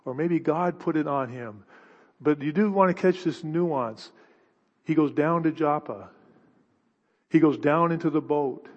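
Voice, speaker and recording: A man's voice: on the high side, unhurried, pauses often. A middle-aged man preaching a conversational sermon, often restarting his sentences. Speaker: pastor. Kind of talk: expository sermon. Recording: dull hall reverb.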